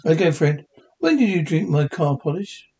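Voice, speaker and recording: A man's voice: on the high side, very animated, moderate pace, vocal fry, warm tone, slightly rough, full character voice. Barney Rubble, mild caveman sidekick. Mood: easygoing. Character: meek good-natured caveman neighbour, short sidekick. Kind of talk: 1960s cartoon voice acting.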